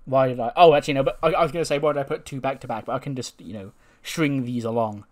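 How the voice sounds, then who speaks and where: Man, game commentary, rambling, lots of fillers, middle pitch. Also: fairly even intonation, quick pace, a little mellow.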